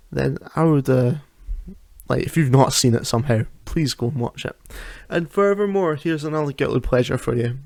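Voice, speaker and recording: A man's voice: medium pitch, creaky, no echo. A man, hosting a casual solo talk at home, chatty and self-deprecating, laughing often and restarting his sentences. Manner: rambling with frequent restarts. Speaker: podcast host. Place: at home at night.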